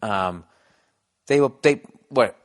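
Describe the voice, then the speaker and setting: A man's voice: on the low side, animated, slow, big-room sound. A man hosting a comedy podcast, talking in a blunt, rambling monologue with constant swearing. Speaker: podcast host.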